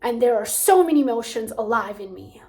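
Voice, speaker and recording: A woman's voice: on the high side, lively intonation, brisk, mellow, faint music behind. Brief: a woman speaking as a small angry child, full of feeling, emphatic. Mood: upset.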